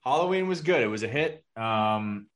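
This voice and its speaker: A man's voice: medium pitch, animated, moderate pace. A man in his thirties, a podcast co-host, telling stories in an easygoing, wry way. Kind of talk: casual chat.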